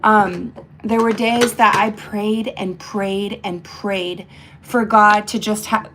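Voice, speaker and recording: A woman's voice: medium pitch, steady tone, takes it slowly, background noise. A young woman chatting casually in a vlog while doing her makeup, emotional and choked up, rambling with many fillers and restarts. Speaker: mother vlogging.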